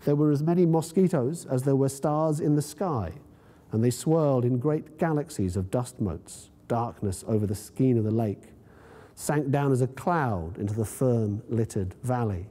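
A man reads his own story aloud in a university room, measured and vivid. His voice is very dark and husky, and a long reverb trails each phrase. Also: medium pitch. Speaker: author reading his story. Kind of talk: literary reading. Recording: long reverb in a lecture hall.

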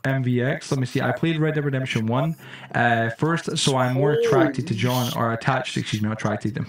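A young man streaming a survival game, chatting casually and breaking into loud, startled, swearing reactions. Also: medium pitch, expressive, moderate pace, a crowd in the background. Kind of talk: casual live-stream commentary.

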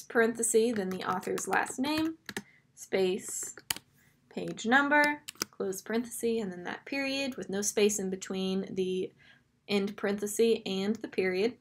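A woman's voice: on the high side, fairly bright tone. A woman teaching a grammar lesson, patiently walking through each step over a screen recording.

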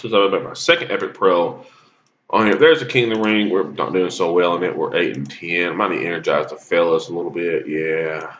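Deep-voiced man rambling over mobile gameplay. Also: fairly bright tone, lo-fi sound. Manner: rambling, lots of ums, coughing and sneezing. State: sneezy with a cough. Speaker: gaming YouTuber. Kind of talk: casual gameplay commentary.

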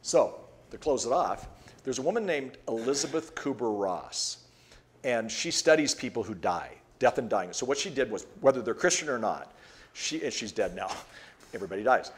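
Man telling a story with animated pitch. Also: normal speed. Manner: storytelling, acts out quoted voices, conversational. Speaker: speaker teaching a lecture. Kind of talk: devotional talk to an audience. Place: room with an audience.

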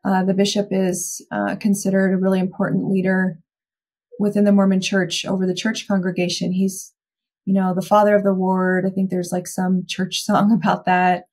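A woman's voice: medium pitch, monotone, normal speed, a little mellow, breathy edge. A young adult woman giving a candid, reflective personal account as a guest in a podcast interview.

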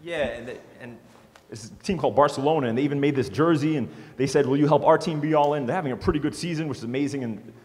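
Fast-talking man telling stories in a hall. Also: medium pitch, a little hiss or hum. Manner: animated, joking storyteller. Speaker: motivational speaker. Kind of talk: storytelling speech to an audience. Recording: long hall reverb.

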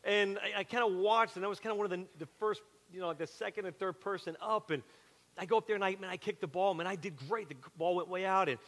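A middle-aged Southern man preaching in a church, his voice pitched high and sounding bright and forceful. He tells stories in a chatty, animated way, full of asides, and the sanctuary gives it a long, ringing reverb. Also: quick pace. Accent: Southern with a Western Pennsylvania twist. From South Carolina. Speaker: pastor. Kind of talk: sermon with personal story.

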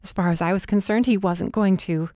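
A woman narrating a novel in the first person, steady and even, on a close studio mic. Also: mid-range voice, fairly quick, dry recording. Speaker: audiobook narrator.

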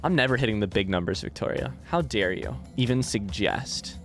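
A young man casually commenting while he plays a game and chats with viewers, breaking into yelps and shouts when things go wrong. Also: fairly low pitch, normal speed, faint music behind. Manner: excitable, swings into yelps and shouts at failures; chatty with chat, reads messages aloud. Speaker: streamer playing a game. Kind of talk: casual let's play commentary.

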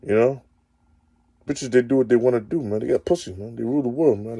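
A man's voice: medium pitch, brisk, mellow, husky, no room sound. A man hosting his own show, delivering a crude, repetitive comedic rant and ending lines with "man". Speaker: show host. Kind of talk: profane comedic rant monologue.

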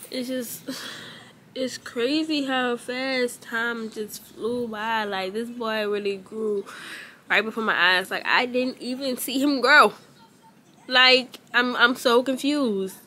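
A woman's voice: a little high, fairly even intonation, slow, bright, forceful tone. A young woman, vlogging casually as a mother, rambling and emotional with many fillers. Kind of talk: casual vlog talk.

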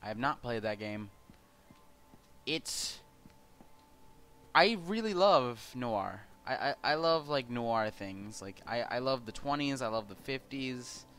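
A man's voice: medium pitch, animated, takes it slowly, a bit bright, smooth. A young man from California, commenting casually on a video game, rambling with many fillers, restarts and casual swearing. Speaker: let's play host.

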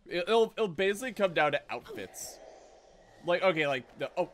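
A man's voice: high voice, moderate pace, slight background noise. A man streaming video games, cursing and yelping as he plays and reacts. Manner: animated, sweary, prone to sudden yelps. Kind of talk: casual gaming commentary.

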